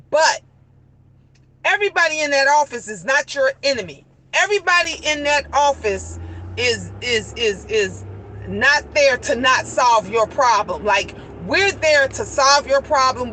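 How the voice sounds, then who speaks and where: A woman, telling a story in a casual vlog, animated and repeating herself, outdoors by traffic. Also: on the high side, poor audio. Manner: animated storytelling, repeats phrases, quotes others. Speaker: vlogger.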